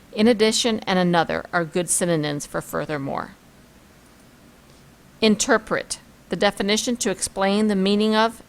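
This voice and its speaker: Woman teaching a vocabulary list. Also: mid-range voice. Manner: reads word lists and example sentences, then comments on pictures. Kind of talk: vocabulary lesson screencast.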